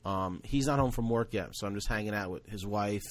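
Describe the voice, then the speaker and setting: A man's voice: lowish voice, brisk, no echo. Rambling man in casual podcast chat. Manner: rambling, self-deprecating, lots of "like". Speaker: podcast host.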